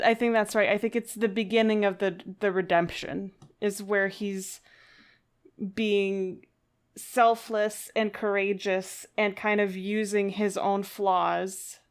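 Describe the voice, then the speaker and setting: A woman's voice: medium pitch, clean tone. A woman co-hosting a podcast in casual chat, thoughtful and hesitant, with frequent fillers and restarts. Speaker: podcast co-host.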